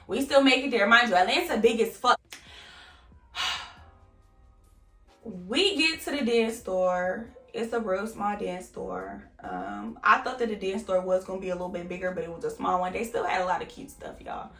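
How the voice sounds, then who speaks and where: A woman's voice: a little high, bright, forceful tone, distant mic. A young woman vlogger telling a candid, casual story and swearing freely. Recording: roomy, off-mic, faint music.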